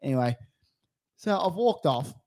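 Lively Australian man telling a story. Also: a little high, moderate pace, no room sound, studio quality. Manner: laughing, lively storytelling with slang. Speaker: podcast co-host. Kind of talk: casual banter, telling an anecdote.

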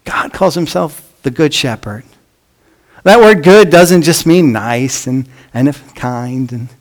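High-voiced man preaching a sermon. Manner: animated preaching, swinging from emphatic to hushed; reads scripture aloud with emphasis. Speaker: pastor.

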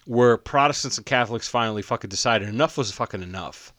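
A man's voice: mid-range voice, fast talker, a bit bright, no room sound, clean studio sound. A man in his forties co-hosting a podcast, tipsy and rambling as he tells a story with plenty of swearing. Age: 40s. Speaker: podcast co-host. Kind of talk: drunken casual chat.

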